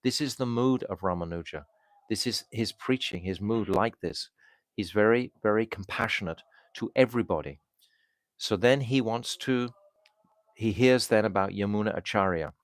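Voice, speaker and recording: Low-voiced man telling a devotional story. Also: no room sound. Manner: halting, with restarts and fillers. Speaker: swami giving a spiritual talk. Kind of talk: storytelling sermon.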